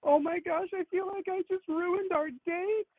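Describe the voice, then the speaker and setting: A man doing a high, clueless young woman. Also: steady tone, measured pace, dry recording. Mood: oblivious. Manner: high, sing-song and oblivious. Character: ditzy young woman, his clueless date. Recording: tinny phone line.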